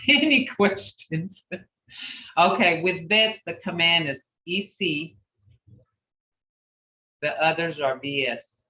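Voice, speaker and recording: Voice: mid-range voice, lively intonation, slow pace, long pauses, sharp tone, distant mic. An older language teacher leading an online class, repeating and drilling words between chatty asides, heard over a video call. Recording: roomy, dull video-call audio.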